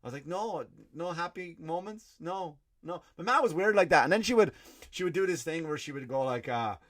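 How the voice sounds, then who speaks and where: An Irish man hosting a comedy podcast, delivering a profane, animated rant in a stand-up style. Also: a little high, quick pace. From Ireland.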